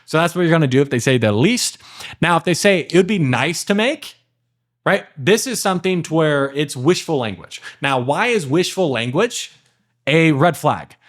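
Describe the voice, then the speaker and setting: High-voiced man teaching sales, emphatic. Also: moderate pace. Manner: energetic, emphatic, acts out sales dialogue with many "like" and "okay" fillers. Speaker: sales trainer. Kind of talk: casual instructional talk to camera. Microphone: at a computer.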